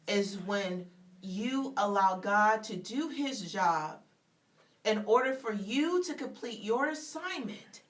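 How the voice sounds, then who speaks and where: A woman author, a guest on a radio show, giving an emphatic faith testimony in a repetitive, preacher-like cadence and acting out the dialogue in her story. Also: mid-range voice. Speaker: author and public speaker, guest.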